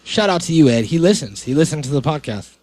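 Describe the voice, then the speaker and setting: A man's voice: on the high side, sing-song, fast talker, a little mellow. A man co-hosting a podcast in casual chat, laid-back and agreeable with a slangy way of talking. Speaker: podcast co-host.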